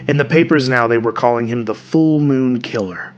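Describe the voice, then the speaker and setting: A man hosting a podcast, reading a story aloud with expressive delivery that drops soft on dark lines. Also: medium pitch, moderate pace, dull audio, faint music behind.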